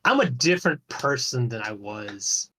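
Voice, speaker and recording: A man's voice: medium pitch, sing-song, measured pace, sharp tone. A man talking as a guest on a podcast in a loose, rambling way, swearing casually and restarting his sentences often. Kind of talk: casual chat about an online game.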